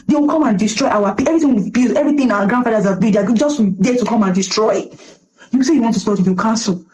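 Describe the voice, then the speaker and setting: Fast-talking Nigerian woman preaching urgently. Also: on the high side, a little mellow, a little hiss or hum, rough recording. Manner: emphatic, preachy, urgent pleading. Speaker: commentator. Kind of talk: passionate social commentary.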